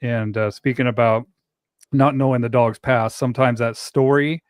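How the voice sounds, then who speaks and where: A man hosting a casual podcast conversation about dogs, relaxed and conversational, reading out listener comments. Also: mid-range voice, normal speed, dry recording, studio quality. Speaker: podcast host.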